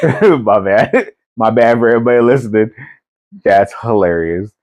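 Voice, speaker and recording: A man's voice: fairly low pitch, lively intonation, moderate pace, darkish tone. Middle-aged male co-host, casual teasing storyteller with easy laughs. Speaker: podcast co-host, parent. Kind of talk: casual family chat.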